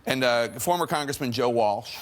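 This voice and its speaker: A man hosting and moderating a television panel discussion, measured and with wry asides. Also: mid-range voice, fairly bright tone. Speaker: host. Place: television studio.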